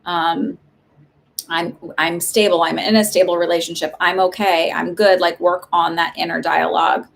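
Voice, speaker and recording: A woman's voice: on the low side, little pitch movement, normal speed, gravelly, slight background noise. A woman giving casual psychic readings on a live stream, chatty and reassuring, with many likes and ums.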